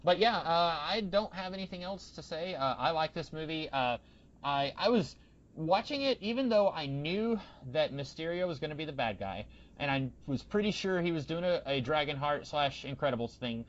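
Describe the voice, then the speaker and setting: A man's voice: fairly high pitch, expressive, moderate pace, a little hiss or hum. A young man hosting a podcast, chatting casually and rambling with many restarts. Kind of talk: casual chat. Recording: dull lo-fi podcast audio.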